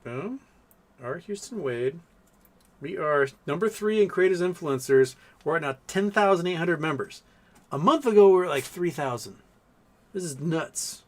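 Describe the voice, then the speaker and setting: A man's voice: fairly high pitch, expressive, moderate pace. A man hosting a casual livestream, reading viewer comments aloud and chatting to his pets between them. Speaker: livestream host.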